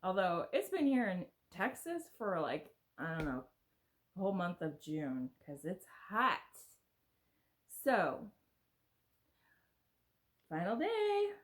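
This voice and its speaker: Gushing woman vlogger, lively pitch. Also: takes it slowly, long pauses. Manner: gushing, exclamatory, chatty. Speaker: vlogger opening summer gifts. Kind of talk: casual chat to camera.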